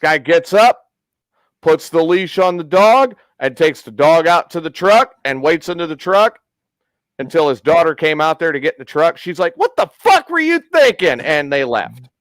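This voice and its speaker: A man's voice: on the high side, normal speed, dry recording. A man hosting a casual podcast, telling a long profane story and acting out the quotes. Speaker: podcast host.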